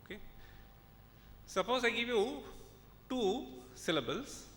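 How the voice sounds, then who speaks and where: A man's voice: animated, slow, fairly bright tone. A man gives an academic conference lecture, explaining step by step and often checking in with his audience. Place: conference hall. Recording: echoey hall with faint rumble.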